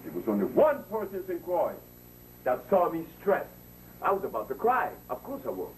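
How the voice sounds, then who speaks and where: A man's voice: high-pitched, wildly swooping pitch, normal speed. A man addressing an audience in an impassioned lecture, preachy and emphatic, repeating words for emphasis. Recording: distant mic with faint noise.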